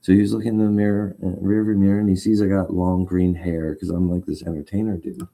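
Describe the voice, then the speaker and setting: Man, agitated rambling storyteller; very dark, low-set voice. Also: level tone, fast talker, gravelly. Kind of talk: casual rant.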